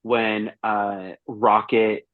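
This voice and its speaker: A man's voice: lowish voice, little pitch movement, very slow, no room sound. Rambling, swearing man on a dull line. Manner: profane, rambling storyteller. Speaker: guest reviewer. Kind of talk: casual chat. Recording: dry, dull lo-fi sound.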